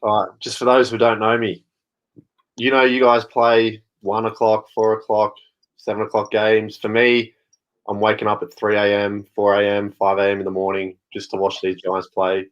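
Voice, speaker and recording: A man with an Australian accent and a fairly low voice chats as a podcast guest. He talks in an easygoing, matter-of-fact way. The sound comes through a video call. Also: completely flat delivery, moderate pace, dull audio. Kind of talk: casual chat.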